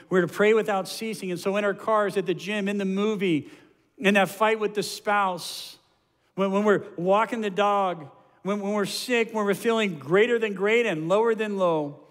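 A man's voice: sits high, steady tone, moderate pace, a bit bright. A middle-aged man preaching a conversational, self-deprecating sermon as pastor, often stumbling over and repeating words as he starts sentences. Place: large church auditorium. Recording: long hall reverb.

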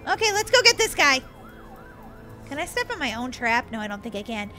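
A woman's voice: high voice, big pitch swings, brisk, long pauses. A woman playing a game as the villain, chatting playfully, giggling and teasing in a mock-evil way. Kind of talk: playful let's-play chatter. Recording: game music underneath.

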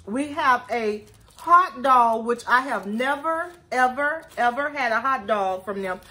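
A woman's voice: fairly high pitch, lively intonation, unhurried, bright, forceful tone. A woman chatting to her viewers in a casual eating vlog, talking about her food as she eats. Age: adult with a son. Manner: chatty, keeps addressing viewers as y'all. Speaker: food vlogger.

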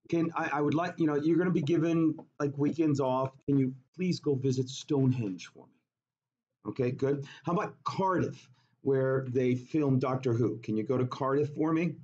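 Jokey male chemistry teacher lecturing, fairly high voice, muffled lo-fi sound. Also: normal speed. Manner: animated, jokey, asks the class questions. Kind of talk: classroom lecture with storytelling.

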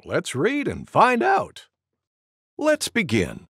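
A man voicing a friendly male goose who reads a picture book aloud to toddlers, expressive and sing-song with lots of sound effects. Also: sits high, slow pace, slightly rough, no room sound, clean studio sound, full character voice. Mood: cheerful. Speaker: children's storyteller.

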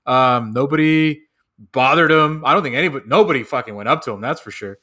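Bright-voiced man telling a story, laid-back. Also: medium pitch, quick pace. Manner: laid-back, swears a lot. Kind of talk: casual storytelling.

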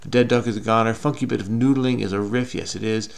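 Man, middle-aged, gravelly voice, muttering hesitantly, crossword think-aloud. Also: fairly low pitch, steady tone, fast. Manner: muttering, hesitant, self-questioning. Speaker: crossword solving host. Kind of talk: casual think-aloud puzzle solving.

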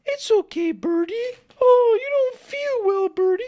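A man doing a cooing high puppet voice. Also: animated, background noise. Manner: slow, cooing, sing-song. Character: sweet high-voiced puppet soothing a girl.

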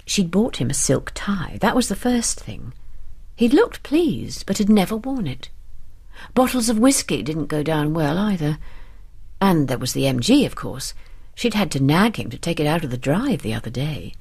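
A woman reads a story softly for sleep, sometimes dropping to a whisper. Her voice is low and husky with a gravelly edge, yet moves lively in pitch. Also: moderate pace. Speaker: audiobook narrator. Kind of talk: calm audiobook reading for sleep.

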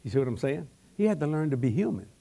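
An older man with a drawl preaches in a voice that rides high and swings wide in pitch. He breaks into loud shouts and chuckles between his lines, and his grammar stays folksy and plain. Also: fast, creaky, husky. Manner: animated, shouting bursts, laughing asides, folksy grammar. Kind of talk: lively comic sermon. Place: large church hall.

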